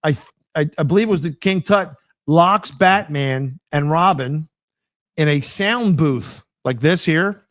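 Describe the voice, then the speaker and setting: Guy co-hosting a podcast, chatty and animated, higher voice, dry mic. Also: a little slow, no room sound. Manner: animated storyteller, acts out scenes and sound effects. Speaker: podcast co-host. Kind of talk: casual chat.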